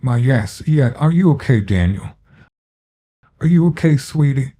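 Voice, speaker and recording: A man's voice: medium pitch, lively intonation, measured pace, warm tone, pitched above the performer's own voice. A man voicing a frightened woman who pleads frantically through tears. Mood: frantic pleading.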